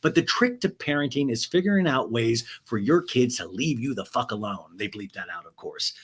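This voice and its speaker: A man hosting a podcast, recapping an episode in a loose, joking, profane ramble with quick impressions of the people he quotes. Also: mid-range voice, lively intonation, fairly bright tone, breathy edge. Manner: rambling, profane, self-deprecating asides. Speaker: podcast host. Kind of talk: casual comedic recap of a TV episode.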